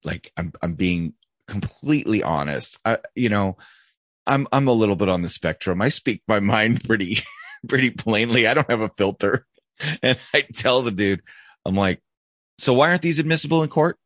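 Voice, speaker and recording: A man with a very low voice co-hosting a casual podcast. He tells his stories bluntly and swears freely. The sound is close and dry, with no room echo. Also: moderate pace, a bit bright. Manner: blunt, profane storytelling with frequent laughs. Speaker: podcast co-host, police officer.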